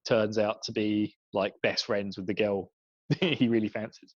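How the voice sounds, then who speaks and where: A man with a slightly husky voice chats about an episode, laughing between lines and mimicking characters. The sound is dry and a little dull, as if from a modest home mic. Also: on the low side, steady tone, a little slow, no echo. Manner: laughs often while talking, mimics characters. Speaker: podcast co-host. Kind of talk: casual podcast review chat.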